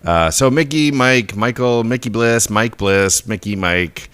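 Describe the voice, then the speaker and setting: A man co-hosting a podcast, casually explaining word origins in a relaxed way and often stopping to restart his sentences. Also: on the low side, measured pace, smooth, no room sound. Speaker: podcast co-host.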